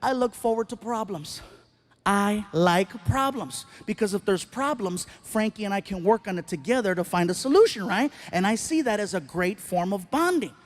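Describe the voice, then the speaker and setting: A Mexican American man doing stand-up on stage, telling stories with animated acted-out dialogue. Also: sits high, normal speed. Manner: animated, acts out dialogue with voices. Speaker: stand-up comedian. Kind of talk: stand-up storytelling. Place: comedy stage before live audience.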